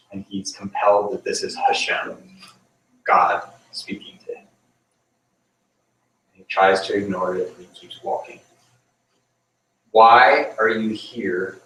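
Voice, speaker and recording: Casual pastor in an echoey room. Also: male voice, lowish voice. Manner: relaxed, many ums, conversational storytelling. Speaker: pastor leading a small group. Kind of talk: informal sermon with group reflection. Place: church room with a small group. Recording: echoey room, mic far off.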